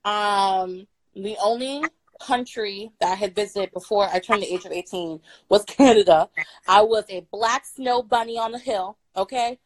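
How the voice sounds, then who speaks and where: A young woman from Florida telling a true story on a live stream, loud, bubbly and playful, swearing freely. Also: mid-range voice, normal speed, no echo, low-quality recording. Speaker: guest storyteller.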